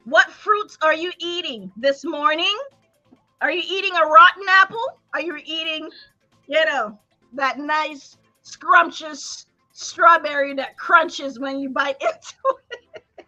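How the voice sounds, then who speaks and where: A woman's voice: high-pitched, expressive, takes it slowly, sharp tone, dull audio, faint music behind. A woman hosting a motivational talk, emphatic and preacher-like, laughing often. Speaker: host.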